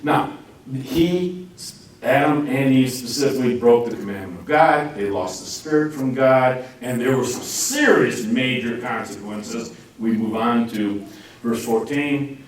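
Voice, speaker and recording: A man giving an informal Bible class, joking and acting out quotes in lively swings of voice. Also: unhurried. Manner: jokey, animated, acts out quotes with lively pitch swings. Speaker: Bible teacher. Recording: roomy echo, speaker far from mic, faint noise.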